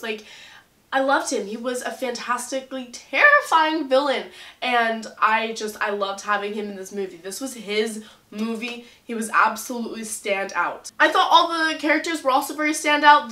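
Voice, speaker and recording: Young female vlogger, gushing movie-review chat, bright and fairly high voice, echoey room. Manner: gushing, talks straight to viewers.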